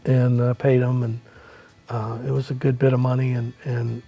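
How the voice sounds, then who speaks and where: A middle-aged man, a musician guest, telling a rambling story in a relaxed way, with many fillers and acted-out quotes. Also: mid-range voice, moderate pace, faint music behind. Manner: acts out quoted lines in the story. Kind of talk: casual anecdotal storytelling.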